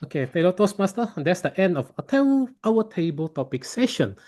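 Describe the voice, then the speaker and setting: Mellow-voiced man chairing an online club meeting. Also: high voice, sing-song. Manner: halting, non-native phrasing, polite.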